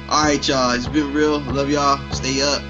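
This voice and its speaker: A man's voice: on the high side, muffled recording. A man co-hosting a podcast in casual chat, laid-back and easygoing. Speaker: podcast co-host.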